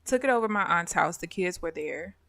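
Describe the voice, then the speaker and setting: Animated woman telling a story, laughing. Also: fairly low pitch, a little fast, creaky. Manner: animated, laughs often, acts out quoted voices. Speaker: live-stream host. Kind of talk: casual storytelling to chat.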